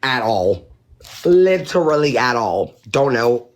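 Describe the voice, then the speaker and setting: A woman's voice: extremely low pitch, big pitch swings, takes it slowly. Woman livestreamer; indignant, sweary, rambling rant to her audience. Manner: indignant, profane, rambling with restarts. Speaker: livestreamer addressing viewers.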